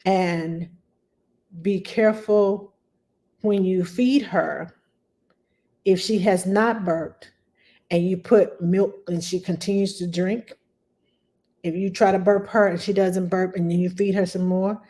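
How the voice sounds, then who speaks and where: A woman's voice: on the low side, fairly even intonation, slow, long pauses, dark tone. A middle-aged woman working as a nanny, answering viewers' parenting questions on a live stream in a chatty way, greeting people by name and explaining things step by step. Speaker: nanny giving parenting advice.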